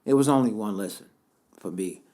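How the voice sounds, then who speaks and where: A man's voice: on the low side, a little fast, mellow. A man co-hosting a podcast in casual, laid-back, slang-heavy banter. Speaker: podcast co-host. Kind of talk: casual chat.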